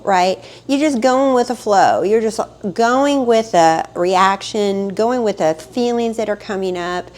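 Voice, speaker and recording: Animated woman giving a spiritual pep talk. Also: on the high side. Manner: animated, rising to emphatic outbursts; acts out panicked inner voices. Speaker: spiritual life coach. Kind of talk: motivational monologue.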